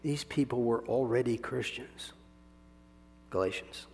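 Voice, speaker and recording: Gravelly guy preaching a sermon, gets loud then soft, big echoey hall. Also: medium pitch, unhurried, slight background noise. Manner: animated, swings from soft asides to loud emphatic bursts, chuckles often. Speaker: pastor.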